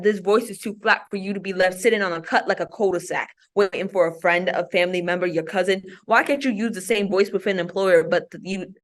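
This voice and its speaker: A woman recites spoken-word poetry with measured, emphatic phrasing, leaning on each line for effect. Her voice sits at an ordinary middle pitch for a woman. She performs as an invited guest. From Maryland. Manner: deliberate, emphatic performance delivery.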